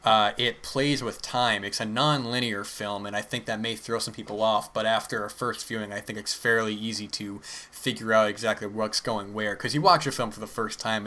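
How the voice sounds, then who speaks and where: A man with a lowish, bright and forceful voice hosts a podcast solo. He talks at length about a film in an earnest, rambling way, often stopping to correct or qualify what he just said. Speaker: podcast host. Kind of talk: casual film commentary monologue.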